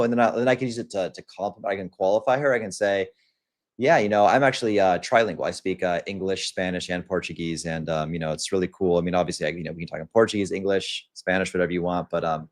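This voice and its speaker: A young man hosts his livestream in a casual rant, with a voice that sits a little on the low side. He talks bluntly and swears freely. He often breaks into quick impressions of other people's lines as he goes. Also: fairly even intonation. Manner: blunt and profane, acts out quoted lines. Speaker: livestream host.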